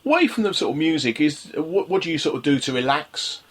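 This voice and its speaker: A man's voice: a little high, very animated, a little fast. A man from London hosting a radio interview, rambling with many restarts as he asks questions. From London, England. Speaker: radio host.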